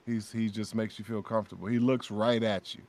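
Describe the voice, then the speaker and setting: A man talking as a guest voice actor in a casual podcast chat, an animated storyteller who laughs often and repeats his phrases. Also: lowish voice, fairly quick.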